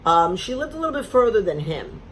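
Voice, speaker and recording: A woman's voice: mid-range voice, sing-song, fairly quick, slight background noise. A middle-aged woman from Florida telling a dating story in an exasperated, sarcastic casual rant. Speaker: vlogger.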